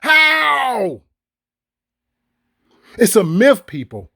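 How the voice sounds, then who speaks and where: High-voiced, profane man ranting. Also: expressive, moderate pace. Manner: profane, heated, repetitive. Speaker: video creator. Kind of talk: ranting monologue to viewers.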